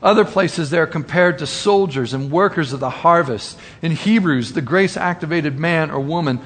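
A man preaching a sermon, earnest and full of rhetorical questions, slowing down for emphasis. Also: a little high, a bit bright.

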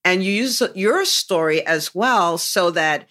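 A woman's voice: lowish voice, lively intonation, slow pace, bright, forceful tone. A woman hosting a business podcast, enthusiastically unpacking and praising her guest's story in an interview chat. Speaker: podcast host and business coach.

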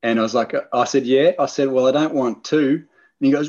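Middle-aged man, low husky voice, animated storyteller, muffled recording. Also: fairly quick. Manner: animated, excited storyteller, acts out quoted lines. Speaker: podcast guest telling a hunting story. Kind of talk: casual storytelling chat.

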